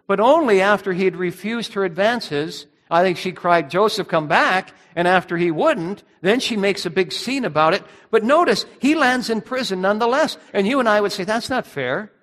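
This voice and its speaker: A man with a high-pitched voice delivers an emphatic sermon, putting rhetorical questions to his congregation. His words ring out with a long reverb through a church hall. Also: moderate pace, hardly any pauses, a bit bright. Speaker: pastor.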